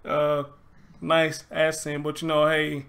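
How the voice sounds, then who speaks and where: Bright-voiced Southern man hosting a livestream. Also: fairly high pitch, monotone, slow, smooth. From Southern United States. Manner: loose, chatty, greets viewers by name. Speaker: livestream host. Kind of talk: casual livestream commentary.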